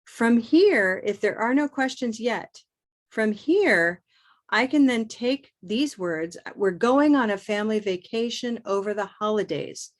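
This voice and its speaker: A woman's voice: on the high side, lively intonation, unhurried. A woman teaching a live online pronunciation class, upbeat and encouraging, modeling rhythm by chanting along.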